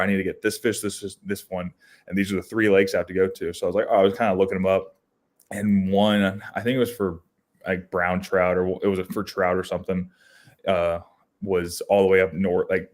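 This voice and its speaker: A young man co-hosting a podcast, telling casual outdoor stories with lots of restarts and fillers. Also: deep voice. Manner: rambling, animated storytelling with many restarts. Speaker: podcast co-host. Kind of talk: casual storytelling chat.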